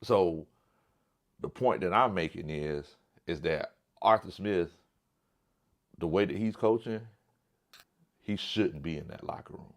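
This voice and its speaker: Man, very deep voice, casual sports talk host, blunt, emphatic, circles back on his points. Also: unhurried, long pauses. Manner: blunt, emphatic, repeats himself.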